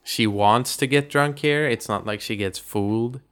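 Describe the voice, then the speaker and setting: A man co-hosting a casual movie review podcast, retelling scenes in a lively way and laughing often. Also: medium pitch, moderate pace, clear, resonant tone. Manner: animated retelling, acts out lines, laughs often. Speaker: podcast co-host.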